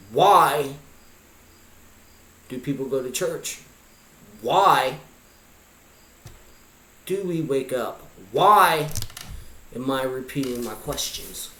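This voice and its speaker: Slow, musing man in an echoey room. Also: mid-range voice, bright, forceful tone. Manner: slow, pondering rhetorical questions. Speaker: vlogger. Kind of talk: musing monologue.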